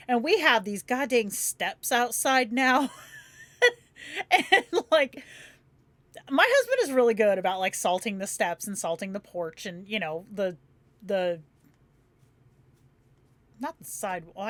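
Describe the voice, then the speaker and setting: A woman's voice: mid-range voice, expressive, moderate pace, pauses often, a bit bright, no echo. A woman from Phoenix hosting a livestream, chatting casually with viewers, laughing often and swearing freely. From Phoenix, Arizona, USA. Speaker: livestream host. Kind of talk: casual chat with live viewers.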